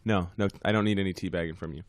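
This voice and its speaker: Hoarse male podcast host, low voice. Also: fairly even intonation, racing, no room sound. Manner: rambling, frequent fillers. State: hoarse, voice worn out. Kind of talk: casual podcast chat.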